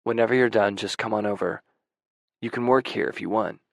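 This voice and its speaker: A man doing a deep-voiced awkward carpenter. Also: fairly even intonation, fairly quick, creaky, no echo, clean studio sound. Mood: gentle.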